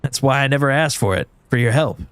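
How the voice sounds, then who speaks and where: A man's voice: medium pitch, quick pace, fairly bright tone, no echo, lightly acted. A man voicing a shaky, desperate man who pleads and justifies himself in a video game. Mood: pleading.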